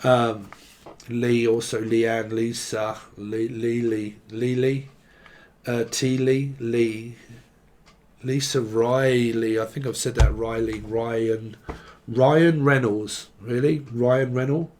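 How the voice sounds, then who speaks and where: A man's voice: mid-range voice, fairly even intonation, slow, a little mellow. Rambling, playful man doing a tarot reading. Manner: rambling and playful, acts out quoted voices, swears freely. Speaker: tarot reader.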